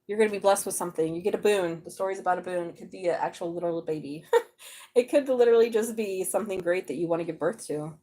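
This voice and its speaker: A woman giving a live tarot reading, reading card texts aloud and breaking into excited exclamations and laughter. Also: fairly low pitch, fast. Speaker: tarot reader.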